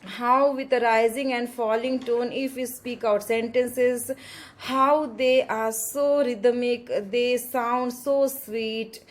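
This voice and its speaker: A woman with an Indian English accent gives a pronunciation lesson at an unhurried pace. Her voice sits a little high, and she repeats key words slowly, mixing in Hindi phrases as she explains. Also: steady tone. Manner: slow and deliberate, repeats words, switches into Hindi. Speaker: English teacher. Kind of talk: classroom lesson.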